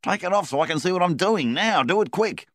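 A man voicing a rough adult man who barks urgent orders during an emergency in a storybook reading. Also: high voice, animated, brisk, no echo, studio quality, voice pushed up. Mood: urgent commanding. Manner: commanding, urgent shouting.

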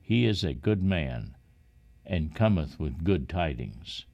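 A man voicing a grieving aged king in a scripture reading, lamenting in a slow, plaintive way. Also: very deep voice, sing-song, a little mellow, muffled recording, heavily acted. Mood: stately.

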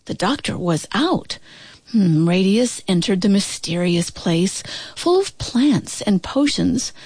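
A woman reading a children's picture book aloud in a slow, expressive, sing-song way. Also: mid-range voice, slightly rough, dry recording. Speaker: narrator. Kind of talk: children's storybook read-aloud.

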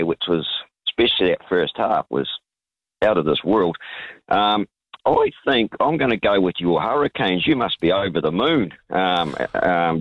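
A hoarse man with a New Zealand accent, calling in to talk rugby in a rambling, good-humoured way. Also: lowish voice, no echo. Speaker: caller. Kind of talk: talkback phone call. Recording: dull phone line.

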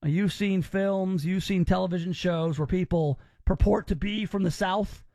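Chatty high-voiced Southern radio host. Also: male voice, steady tone, moderate pace, dark tone, no echo. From American South. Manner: chatty, emphatic. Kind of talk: casual call-in radio chat.

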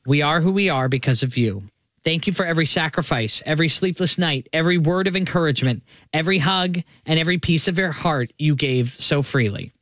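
A male radio host reads a heartfelt letter on air, slow and earnest. His voice sits a little high for a man. The studio sound is close and dry, with no room around it. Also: fairly bright tone, no echo.

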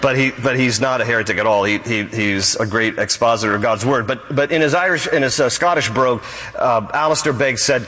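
A man's voice: mid-range voice, fairly quick, sharp tone. A male pastor preaching a sermon in an emphatic, repetitive style. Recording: echoey church hall.

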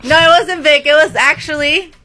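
A woman's voice: high voice, steady tone, normal speed, over a noisy crowd. A woman hosting a morning radio show, sharing celebrity gossip in a chatty, giggly way. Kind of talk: casual radio banter.

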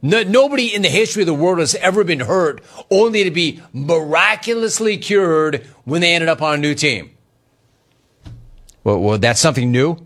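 Mocking opposing fans in a playful, laughing way, a man hosting sports talk radio reads listeners' chat messages aloud. His slightly high, fairly bright voice has lively intonation at a normal speed.

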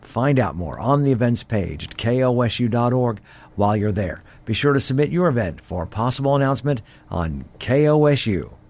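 Radio station guy rattling off event listings, mid-pitch, brisk. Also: expressive, a little mellow. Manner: brisk scripted read. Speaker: station announcer. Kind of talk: reading an events calendar.

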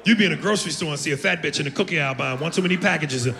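A man's voice: fairly high pitch, rapid-fire, sharp tone. A man comedian doing brash, crude crowd work on a club stage, teasing the audience. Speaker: stand-up comedian.

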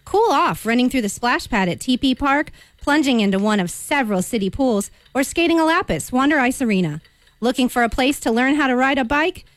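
High-voiced woman racing through a promo. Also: animated, dry recording. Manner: brisk, bright, rushing against the clock. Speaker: parks department executive director, guest. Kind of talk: fast timed promotional read.

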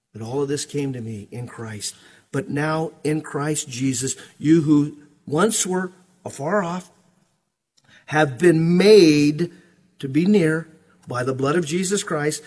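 A man with a high, husky voice preaches a sermon. He drops to a hushed, earnest murmur, then rises into ringing, emphatic calls. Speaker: pastor.

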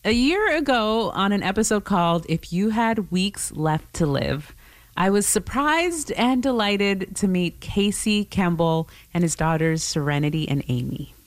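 A woman hosting a radio show, reading scripted narration in a measured, storytelling way. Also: medium pitch, animated. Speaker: radio host.

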